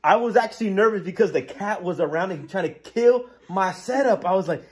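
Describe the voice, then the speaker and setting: A man's voice: high-pitched, expressive, a little fast. A young man co-hosting a prank vlog, playful and laughing as he talks to viewers. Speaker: vlogger and prank channel co-host. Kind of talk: casual prank vlog chat.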